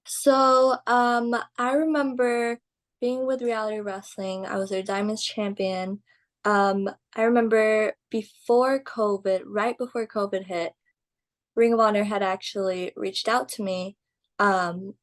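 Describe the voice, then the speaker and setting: A young woman, a guest in a casual interview, telling stories in an animated way, with many "like"s and "um"s and laughter along the way. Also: mid-range voice. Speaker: guest, pro wrestler.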